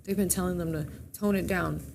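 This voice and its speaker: Chatty woman with a gravelly voice. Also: lowish voice, fairly even intonation, a little fast, darkish tone, a little hiss or hum. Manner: chatty, reads with slips and self-corrections. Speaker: morning show co-host reading horoscopes. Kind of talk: casual chat, reading horoscopes aloud.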